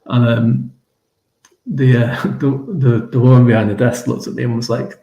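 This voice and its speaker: A man's voice: mid-range voice, level tone, normal speed, vocal fry, dark tone, reverberant, dull audio. A man in his forties hosting a casual talk show, telling stories with frequent laughs and restarts. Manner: laughs often, many restarts and ums. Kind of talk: casual chat.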